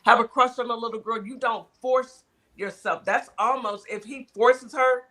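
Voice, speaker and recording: A woman on a casual talk show, speaking emphatically and deliberately, sometimes stumbling over her words. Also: fairly high pitch, fairly even intonation, pushed and bright. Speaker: podcast co-host. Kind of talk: casual chat.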